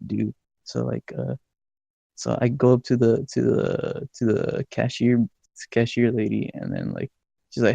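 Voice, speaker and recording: Excitable young man telling a story. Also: mid-range voice, a little slow, creaky, dry recording, lo-fi sound. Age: young adult. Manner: excitable, swears a lot, laughs mid-story. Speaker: podcast co-host. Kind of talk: casual storytelling chat.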